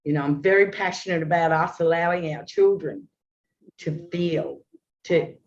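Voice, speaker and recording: Dull lo-fi audio captures a guest, a woman in her fifties with a lowish voice and a moderate pace. She opens up in a heartfelt conversation, speaking earnestly and at length with many restarts.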